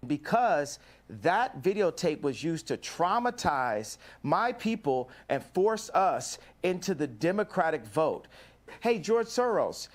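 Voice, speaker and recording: A defiant male guest in a televised interview, boastful and quick to talk over the host. His voice is a bit higher than most men's. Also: sing-song.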